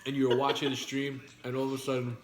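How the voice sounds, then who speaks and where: A man's voice: mid-range voice, completely flat delivery, fast, slight background noise. A man chatting casually and crudely while eating on a food stream, teasing his partner. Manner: joking, crude, banters with partner. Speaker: mukbang streamer. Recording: echoey room.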